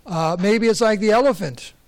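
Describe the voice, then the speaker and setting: A man's voice: high voice, moderate pace, darkish tone. A man giving a conversational scripture class, asking rhetorical questions and telling stories. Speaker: class speaker.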